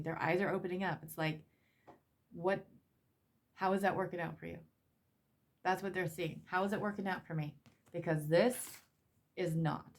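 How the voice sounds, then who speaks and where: A woman giving a tarot reading, emotional and repetitive, swearing casually as she talks. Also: fairly low pitch. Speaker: tarot reader.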